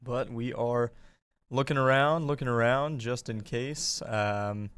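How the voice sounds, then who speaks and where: A man's voice: medium pitch, steady tone, takes it slowly, a bit bright, clear, resonant tone. A man working as producer on a live show, patiently and cheerfully calling on listeners. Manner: patient, upbeat, repeats prompts. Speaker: show producer taking callers. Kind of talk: live call-in moderation.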